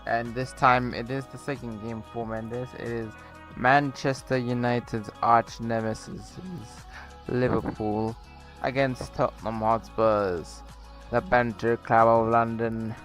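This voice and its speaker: A young man commentating a football video game on a borrowed microphone, with excitable play-by-play and rambling asides. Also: mid-range voice, takes it slowly, soft background music. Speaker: gaming YouTuber. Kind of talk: casual gameplay commentary. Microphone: borrowed cheap microphone.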